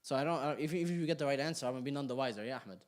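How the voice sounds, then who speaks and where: A man's voice: medium pitch, rapid-fire. A young man teaching a class, talking casually and playfully, joking and throwing questions to the room. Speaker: class instructor. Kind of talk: interactive class talk. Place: community center classroom.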